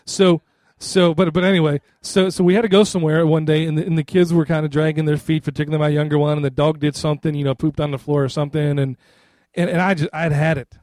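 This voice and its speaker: A middle-aged male pastor preaching in a loose, chatty way, forever asking his church "right?". His voice sits a little high but sounds mellow and soft-edged. The recording is dry and close, with no room echo. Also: flat delivery, fast. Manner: conversational, repeats "right?" to the congregation. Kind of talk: sermon.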